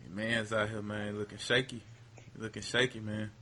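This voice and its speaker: A man co-hosting a casual sports chat, laid-back and quick to chime in with agreement. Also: on the low side, little pitch movement, sharp tone. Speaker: podcast co-host.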